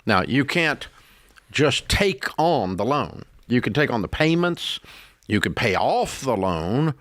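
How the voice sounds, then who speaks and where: A man's voice: sing-song, slow, fairly bright tone, no room sound. Give me an emphatic man in his sixties hosting an advice show, recorded dry. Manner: blunt, emphatic, rants with rising pitch. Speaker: radio show host. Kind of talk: call-in advice show talk.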